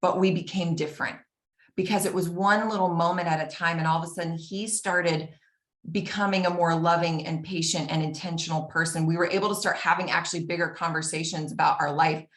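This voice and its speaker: A woman's voice: fairly low pitch, brisk. Earnest woman telling a story, echoey room. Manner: earnest, animated, acts out quoted dialogue. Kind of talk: personal storytelling talk.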